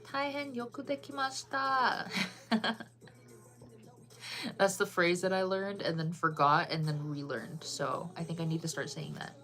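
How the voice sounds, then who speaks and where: A woman's voice: low voice, steady tone, a little slow, pauses often, fairly bright tone, faint music behind. A woman chatting casually with viewers on a live stream, bubbly and full of "like" fillers.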